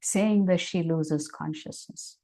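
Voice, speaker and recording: A woman speaker giving a devotional class on a video call, telling a sacred story in an animated way, then teaching reflectively. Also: low voice, takes it slowly. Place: online class session.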